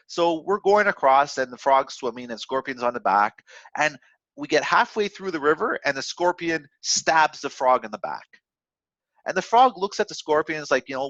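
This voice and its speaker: A man's voice: mid-range voice, expressive, normal speed, a bit bright, dry recording. A man giving a casual motivational talk on trading, rambling with many fillers and restarts. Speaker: trading educator. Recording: dry, dull lo-fi sound.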